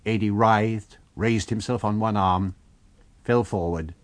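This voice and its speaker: A man narrating a novel in a measured storytelling manner. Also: lowish voice, steady tone, dry recording. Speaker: audiobook narrator. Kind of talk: scripted narration.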